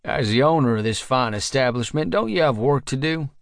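A man's voice: mid-range voice, animated, brisk, vocal fry, no echo, clean studio sound. Man doing a sing-song teasing bar owner. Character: teasing male best friend and bar owner. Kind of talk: audiobook character voice.

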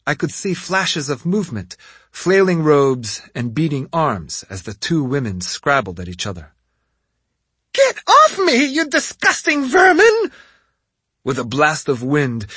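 Male audiobook narrator, husky, lively dramatic reading, dry close sound. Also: medium pitch, dry recording. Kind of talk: scripted first-person audiobook narration.

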